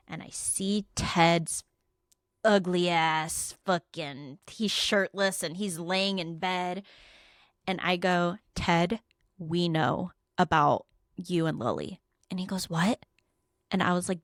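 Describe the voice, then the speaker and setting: Animated woman telling a story, dry sound. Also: lowish voice, no echo. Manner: animated, swearing, acting out quotes. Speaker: podcast co-host. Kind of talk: casual storytelling chat.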